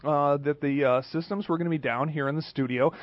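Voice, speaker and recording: A man's voice: a little high, steady tone, a little fast. A man hosting a casual radio tech show, talking in a rambling, hesitant way full of fillers. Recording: dull lo-fi radio recording with music.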